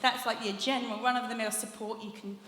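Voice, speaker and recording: Speaking quickly in a high-leaning, fairly bright and steady tone, a young woman leads a vocal workshop as its coach. She is chatty and encouraging and laughs a lot as she shows the exercises in this live masterclass. The large conference hall gives long, echoey reverb, with a little background noise.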